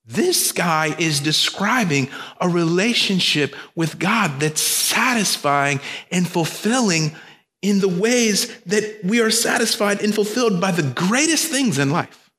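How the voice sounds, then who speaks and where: A man's voice: sits high, animated, unhurried, sharp tone. A male pastor preaching a sermon, emphatic and repetitive, with joking asides. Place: church sanctuary. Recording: long reverb of a church hall.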